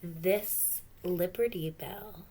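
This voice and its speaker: A woman teacher reading a picture book aloud to children, gently pausing to explain words and ask questions. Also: on the low side, breathy edge.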